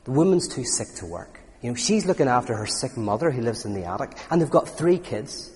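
A man's voice: mid-range voice, very animated, brisk, a little mellow, natural voice. Man doing anxious parishioner, pleading, urgent, long reverb. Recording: reverberant hall.

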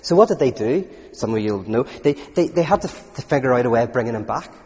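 A man with a mid-range voice gives an informal lecture to an audience, talking fast. He tells stories animatedly, restarting his sentences often, and a long reverb from the hall hangs on his words.

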